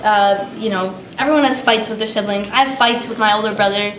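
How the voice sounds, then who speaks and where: A woman's voice: mid-range voice, steady tone, a little fast. A female voice actress answering at a convention press conference, rambling and hesitant with lots of "like". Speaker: voice actress guest. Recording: echoey room with background noise.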